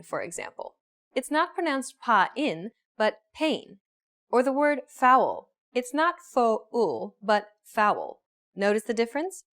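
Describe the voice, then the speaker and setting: A woman narrating a scripted pronunciation lesson with clear, measured explanations. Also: mid-range voice. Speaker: pronunciation teacher.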